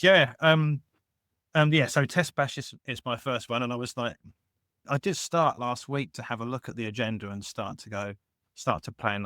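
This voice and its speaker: A man's voice: mid-range voice, steady tone, a little fast, a bit bright, dry recording. Man, podcast guest, casual chat, eager, rambling, dry recording. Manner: eager, rambling with many restarts. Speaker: guest caller.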